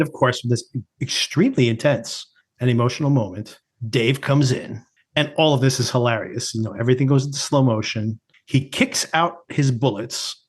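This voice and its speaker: A man of ordinary pitch co-hosts a casual podcast. He retells scenes from a TV episode with frequent laughter, in a loose, chatty way. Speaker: podcast co-host. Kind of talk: casual chat reviewing a TV episode.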